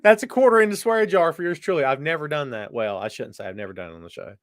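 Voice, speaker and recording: Talking fast and animatedly, a man hosts a relaxed live-stream show, reading chat names and addressing viewers as "brother" and "my friend." Loud exclamations give way to low asides, with no room sound in the recording.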